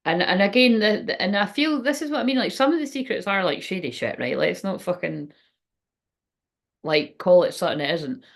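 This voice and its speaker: A woman's voice: medium pitch, lively intonation, fairly quick, gravelly. Chatty woman rambling through a card reading. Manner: rambling, thinking aloud, swears casually. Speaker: tarot card reader. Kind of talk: casual tarot reading monologue.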